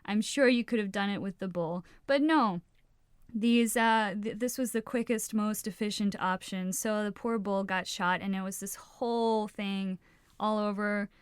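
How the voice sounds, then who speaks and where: A woman's voice: mid-range voice, unhurried, clear, resonant tone, dry recording, studio quality. A woman co-hosting a casual podcast, talking frankly and with feeling, swearing freely and often restarting her sentences. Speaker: podcast co-host.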